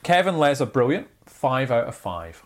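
A man's voice: mid-range voice, big pitch swings, normal speed. A man co-hosting a podcast in casual chat, teasing his co-host and reading out a chart countdown. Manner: laughing, teasing, reads out chart list.

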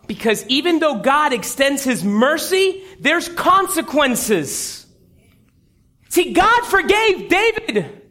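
A man preaching a sermon, telling a story with animated, acted-out quotes. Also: high-pitched.

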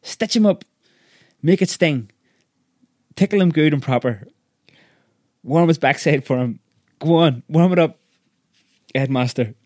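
A man's voice: a little fast, darkish tone, no room sound, studio quality, close to an everyday voice. A man reading a story aloud, voicing a tiny, spiteful old woman who screeches gleefully for a caning to go on. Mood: gloating. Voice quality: shrill, screeching. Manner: gleeful, egging on.

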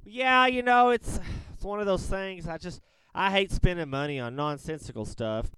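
A man's voice: sits high, lively intonation, normal speed, a bit bright, smooth, no room sound. A man playing a brash, rambling rich caller going through a divorce, speaking in a put-on Southern drawl with crude, folksy boasting. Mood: boastful. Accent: fake Southern American drawl. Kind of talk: comedic prank call-in sketch.

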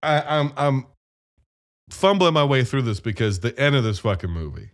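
A man chatting casually about a movie, animated and profane, retelling scenes as he goes. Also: medium pitch, moderate pace. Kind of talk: casual movie review chat.

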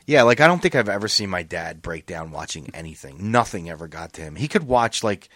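A man's voice: deep voice, lively intonation, a little fast, a bit bright, no room sound. Man, middle-aged, podcast host, casual profane rambling, dry studio sound. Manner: profane and rambling, with many restarts. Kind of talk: casual chat.

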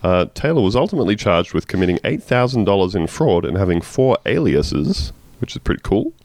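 Deep-voiced man, wry and lively. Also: a little fast, no echo. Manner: wry, playful, reads facts with sarcastic asides. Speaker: podcast co-host. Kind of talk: casual comedic chat.

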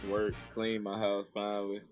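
A man co-hosting a podcast, talking in casual chat with a loud, joking, profane manner. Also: on the low side, completely flat delivery, moderate pace, soft background music. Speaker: podcast co-host.

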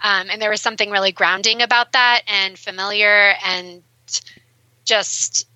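A young adult woman talking as a guest on a casual podcast interview, animated and emotional, speaking in quick bursts. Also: medium pitch, dry recording. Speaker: guest ultrarunner. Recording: muffled dry recording.

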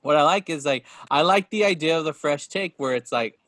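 A man hosting a podcast, chatting casually about a movie in an animated, rambling way with many restarts. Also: fairly high pitch, brisk, no room sound, clean studio sound. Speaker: podcast host.

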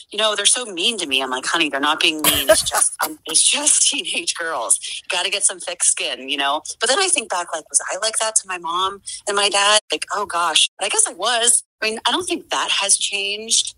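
A woman's voice: lowish voice, animated, moderate pace, bright, forceful tone, poor audio. A woman in her forties talking earnestly as a podcast guest, with many fillers and restarts. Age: 40s. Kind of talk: casual conversation.

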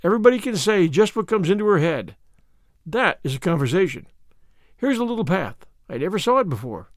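An eager, romantic young woman pours out her fancies in a high, swooping voice, put on by a male narrator. Her speech rises and falls with wide animation, recorded close and dry. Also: sing-song, brisk, no echo. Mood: enthusiastic. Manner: gushing, romantic. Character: dreamy talkative young woman, imaginative and eager.

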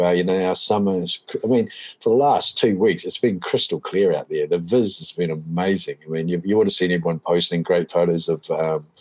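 A New man with a very deep, husky voice talks in a relaxed, meandering way. He restarts his sentences often and leans on "you know" as he chats. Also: rough recording. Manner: relaxed, rambling with many fillers and restarts. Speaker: guest, spearfisherman. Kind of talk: casual conversation.

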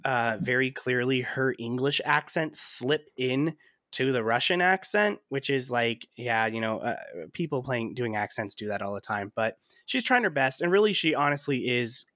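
Animated man chatting about films. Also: medium pitch, moderate pace, no room sound, studio quality. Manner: animated, laughing often, trailing fillers. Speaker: podcast host. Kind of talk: casual movie-review chat.

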